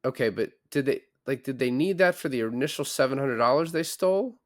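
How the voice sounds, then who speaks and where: A man co-hosting a podcast, casually recapping a film in a relaxed, rambling way. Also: mid-range voice, fairly quick, no echo, studio quality. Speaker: podcast co-host. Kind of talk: casual chat.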